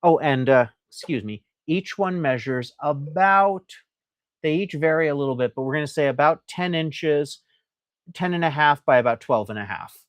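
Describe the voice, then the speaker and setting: A man's voice: fairly high pitch, lively intonation, moderate pace, dry recording, clean studio sound. A man hosting a live stream that sells antiques, talking chattily and enthusiastically, reading out viewer comments in a loose, rambling way. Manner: loose and rambling, with frequent fillers. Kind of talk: live sales presentation.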